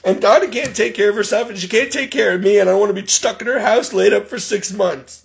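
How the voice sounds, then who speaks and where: A man's voice: high voice, fast, vocal fry. A man in his forties talking in a casual vlog, tearful and crying, rambling and exasperated. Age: 40s.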